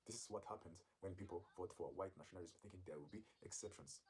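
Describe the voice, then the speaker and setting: Very deep-voiced commentary host. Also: male voice, fast talker, darkish tone, a little hiss or hum. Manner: filler-heavy, addressing viewers. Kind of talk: reaction commentary.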